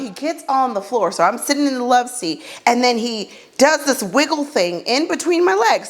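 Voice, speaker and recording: A woman podcast host telling a funny dating story in a casual way, acting out her own lines with blunt, exasperated asides. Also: high voice. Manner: animated, acts out her own reactions in dialogue.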